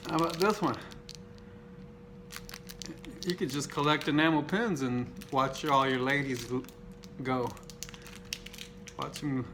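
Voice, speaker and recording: Slow-talking guy unboxing stuff, sharp bright voice, swearing and making dumb jokes. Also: a little high, a little hiss or hum. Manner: crude, profane joking; deadpan self-mocking. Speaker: video host. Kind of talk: casual unboxing vlog.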